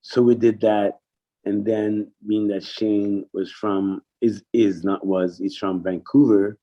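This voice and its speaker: A middle-aged man telling stories in casual chat, animated and swearing freely, and mimicking other people in high voices. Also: takes it slowly. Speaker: guest. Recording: dull lo-fi sound.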